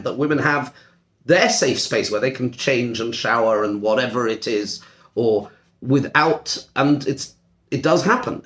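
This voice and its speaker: A middle-aged man, a rabbi, giving a discussion-style lecture to a class, emphatic and repeating words as he thinks. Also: on the high side. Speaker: rabbi teaching a seminar class.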